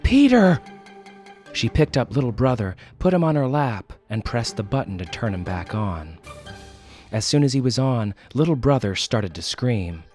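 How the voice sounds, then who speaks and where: A man's voice: medium pitch, animated, normal speed, a little mellow, soft background music. A man hosting a fiction podcast who reads a dramatic story aloud expressively, then adds wry casual asides. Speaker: podcast host and story narrator.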